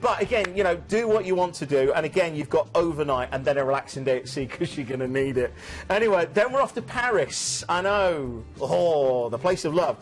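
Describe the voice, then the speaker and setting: A man presenting cruise deals on a shopping channel, chatty and animated with jokey asides. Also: on the high side, a little fast, soft background music. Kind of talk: shopping channel sales chat.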